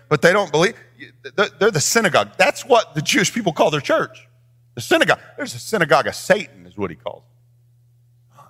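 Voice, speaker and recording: A man preaching in a church with a high, bright voice that swoops widely in pitch. He lifts his phrases into a sing-song cadence and addresses the congregation directly. It is an animated, expressive pulpit delivery. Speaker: pastor. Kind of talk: sermon.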